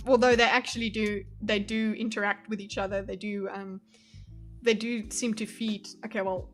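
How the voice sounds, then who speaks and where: A woman's voice: medium pitch, sharp tone. A woman from Spain giving casual, chatty reaction commentary, swearing and laughing as she gets heated. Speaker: video commentator.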